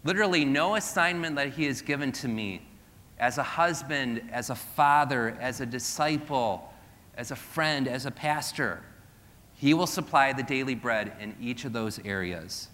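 Bright-voiced pastor preaching in a reverberant hall. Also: male voice, mid-range voice, moderate pace. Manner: self-deprecating humor, rhetorical questions to congregation. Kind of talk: sermon.

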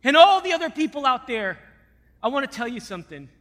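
Male preacher, sermon testimony, high bright voice, hushed to fervent, recorded in a reverberant hall. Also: very animated, brisk.

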